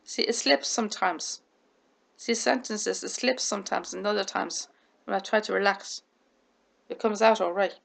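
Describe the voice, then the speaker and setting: Woman with a stammer, gravelly voice. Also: medium pitch, fairly even intonation, normal speed, a bit bright. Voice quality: stammer, repeats words and restarts sentences. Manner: runs out of breath at the ends of sentences. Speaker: vlogger. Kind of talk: casual talk to camera.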